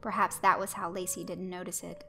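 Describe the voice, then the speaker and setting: A woman narrating a scripted horror story in a steady storytelling reading. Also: fairly low pitch, a little fast, creaky, faint music behind.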